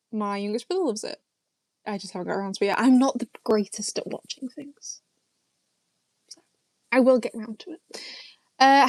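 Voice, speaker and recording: A woman's voice: a little high, no echo. A young English woman from Lancashire, chatting casually as she answers viewer questions, rambling and laughing often. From Lancashire, England. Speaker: YouTube host answering chat. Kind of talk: casual live chat Q&A.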